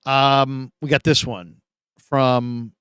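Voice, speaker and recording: A middle-aged man hosting a casual sports talk stream, rambling and telling stories with loud acted-out quotes. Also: medium pitch, drawn-out words, clear, resonant tone, no room sound. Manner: rambling, animated storytelling, acts out quotes loudly. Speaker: show host.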